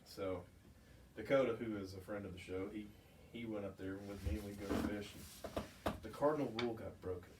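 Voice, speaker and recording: Profane, animated man. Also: lowish voice, brisk. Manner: profane, animated storytelling with heated outbursts. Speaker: podcast co-host. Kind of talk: casual chat. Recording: roomy, distant mic, faint noise.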